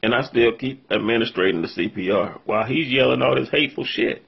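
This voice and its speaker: Talking a little fast in a mid-range voice that's creaky with a breathy edge, a man tells his viewers directly about something hard he lived through. He's an earnest, heartfelt vlogger, shaken after crying, sharing an emotional first-person story. The audio is lo-fi.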